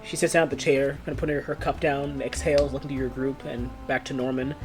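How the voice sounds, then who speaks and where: A man's voice: mid-range voice, fast, hardly any pauses. Male game master narrating over guitar. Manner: relaxed, hesitant narration with fillers. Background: guitar music.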